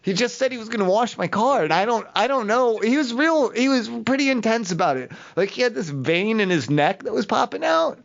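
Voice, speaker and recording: A man's voice: sits high, animated, brisk, creaky. A man on a prank phone call, telling a rambling, hesitant story. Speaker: prank caller.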